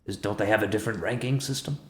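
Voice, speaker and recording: A man's voice: fairly low pitch, very fast, roomy sound. A man narrating as game master of a tabletop game, often slipping into pompous character voices.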